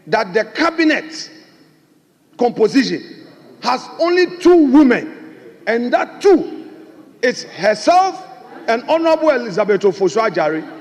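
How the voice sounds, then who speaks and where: Insistent high-voiced MP. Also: male voice. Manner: insistent, repeats his challenge. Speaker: minority leader in parliament. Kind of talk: parliamentary debate. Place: large parliament chamber. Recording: long reverb of a large chamber.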